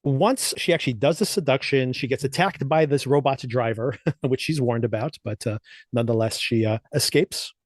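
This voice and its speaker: A man's voice: mid-range voice, a little mellow, no echo, clean studio sound. Laughing man recapping a TV show. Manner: laughs often, rambling recaps. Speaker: podcast co-host. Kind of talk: casual chat reviewing TV.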